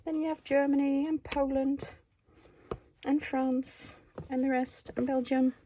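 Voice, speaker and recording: A woman's voice: high-pitched, little pitch movement, measured pace, dark tone, a little hiss or hum. A woman in her forties from the Netherlands with a Dutch accent, chatting casually as she shows off items from a craft haul and asks the viewers questions. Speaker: craft vlogger. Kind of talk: casual show-and-tell chat.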